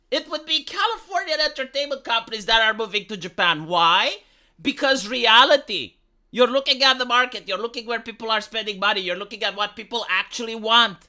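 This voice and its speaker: A man's voice: very high-pitched, pushed and bright. A man giving heated opinion commentary, emphatic and swearing freely.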